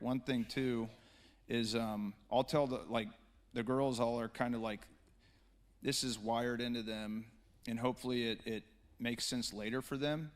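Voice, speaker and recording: An earnest man talks through a church panel discussion. His voice sits at an ordinary middle pitch, and he rambles with frequent restarts and fillers. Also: fairly even intonation, normal speed. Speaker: church speaker.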